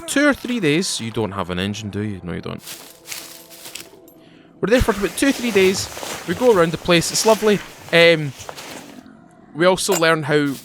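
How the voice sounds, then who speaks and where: A man's voice: a little high, moderate pace, long pauses, noisy background. A young man playing a survival game, telling a long rambling story and often breaking off to comment. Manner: chatty, digressive, self-interrupting, animated. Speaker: gaming YouTuber. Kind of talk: rambling let's-play storytelling.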